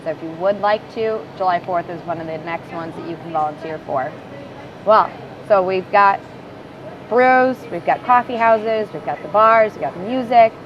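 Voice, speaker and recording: A woman's voice: medium pitch, moderate pace. A woman hosting a casual community talk show, chatty and upbeat. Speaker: host. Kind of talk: casual chat. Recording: dull lo-fi audio with clear background noise.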